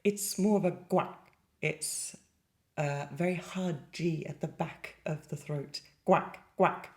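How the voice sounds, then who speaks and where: A woman's voice: sits low, slow, a little mellow. A woman giving a singing lesson in a chatty, lightly playful way, with sung demonstrations. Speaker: singing teacher.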